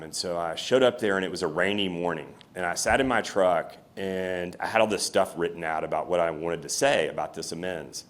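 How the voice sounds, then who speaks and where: Male speaker, very low pitch, candid fireside storyteller. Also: steady tone, brisk, few pauses. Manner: candid, reflective storytelling with restarts. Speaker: company CEO, guest speaker. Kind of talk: fireside chat on stage. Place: room with an audience.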